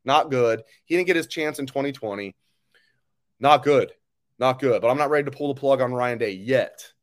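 A man's voice: medium pitch, fast talker. A man hosting a live sports talk stream, ranting angrily and bluntly, with swearing, as he reads viewer comments. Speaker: sports show host.

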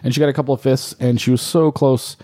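A man with a mellow, relaxed voice co-hosts a casual podcast, rambling through explanations and swearing freely. The sound is close and dry, with no room around it. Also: mid-range voice, quick pace, no echo. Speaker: podcast co-host.

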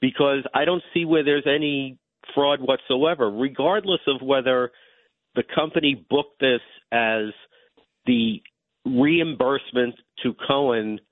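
Man, legal commentator, radio call-in guest, measured argument, phone-line sound, mid-pitched. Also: no echo. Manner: measured, argumentative, frequent restarts. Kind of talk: radio talk show discussion.

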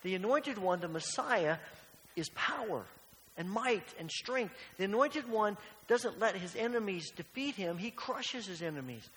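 A man's voice: high voice, lively intonation, measured pace, fairly bright tone. A man preaching a sermon as pastor, earnest and questioning, often repeating phrases. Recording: long hall reverb, faint hiss.

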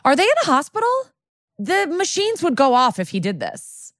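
Lively woman podcast co-host. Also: high voice, normal speed, no echo, clean studio sound. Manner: chatty, laughs often, questions plot logic. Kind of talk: casual chat.

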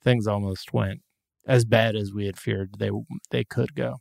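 A man with a gravelly, fry-heavy voice co-hosting a comedy podcast. He banters with incredulous, profane remarks, recorded dry and close. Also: fairly low pitch, fairly even intonation, measured pace, a little mellow, dry recording. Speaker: podcast co-host. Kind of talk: casual comedic chat.

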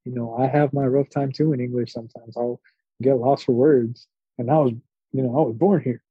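A man co-hosting a casual podcast, telling long, rambling stories and putting on little voices for the people in them. His voice is husky and mid-pitched. The recording is dry and a bit dull. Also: brisk, dry recording. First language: Spanish. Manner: rambling, animated storytelling with quoted voices and laughs. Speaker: podcast co-host. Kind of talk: casual chat.

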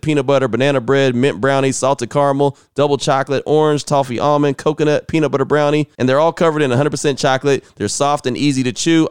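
Guy doing a sports podcast, chill and chatty, smooth clean voice, dry close mic. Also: medium pitch, dry recording. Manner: casual, chatty, laughs at himself. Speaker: podcast host. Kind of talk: sports podcast talk with ad reads.

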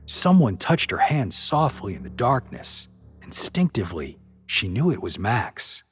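Expressive male storyteller, lively pitch. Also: over music. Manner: expressive, measured. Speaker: podcast reader. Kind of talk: storytelling narration.

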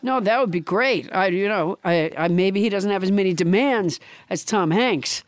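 A woman co-hosting a comedy show, delivering absurd jokes in quick deadpan banter. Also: medium pitch, dry recording, clean studio sound. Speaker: comedy podcast co-host.

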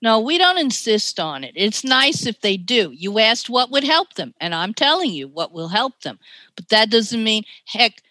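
A middle-aged woman with a New York accent, a ghostwriter telling animated stories in a podcast interview. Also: fairly high pitch, normal speed, dry recording. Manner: animated storytelling, chatty, laughs often. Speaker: ghostwriter guest.

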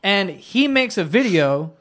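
A man's voice: high-pitched, big pitch swings, a little slow, fairly bright tone. A young man telling stories in casual podcast chat, laid back, slipping into quoted voices. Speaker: podcast host.

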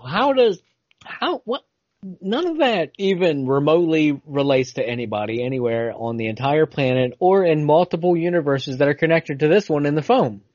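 A man's voice: on the high side, animated, moderate pace, darkish tone, no room sound, muffled recording. A man co-hosting a podcast in casual banter, telling rambling stories and teasing his co-host.

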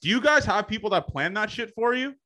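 Young male host, bright tense voice, blunt and profane. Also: high-pitched, lively intonation. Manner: blunt and profane, drawn-out phrasing. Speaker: podcast host. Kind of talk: casual podcast chat.

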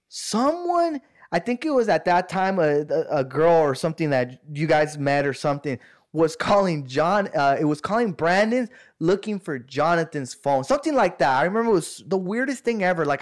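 A man's voice: fairly high pitch, animated, moderate pace. A man casually telling friends a long story, rambling and slangy, acting out what others said. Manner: rambling, slangy, acts out quoted voices. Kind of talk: casual chat.

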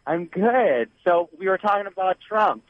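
A man's voice: high-pitched, lively intonation, unhurried, no echo. Guy calling into a radio show, muffled phone line, rambles on kinda earnestly. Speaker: caller. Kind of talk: phone-in call.

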